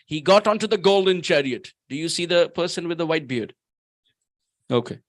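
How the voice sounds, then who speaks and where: A man preaches at a temple in a high, ringing voice. He tells stories with emphasis and slows right down to chant verses. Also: expressive. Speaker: guest speaker at temple. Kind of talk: sermon.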